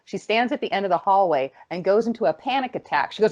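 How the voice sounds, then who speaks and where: A woman's voice: mid-range voice, quick pace, few pauses. Woman telling a story on a podcast, does the voices, swears a lot, kinda muffled audio. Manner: animated storyteller, acts out quotes, swears freely. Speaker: guest. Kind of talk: casual podcast chat.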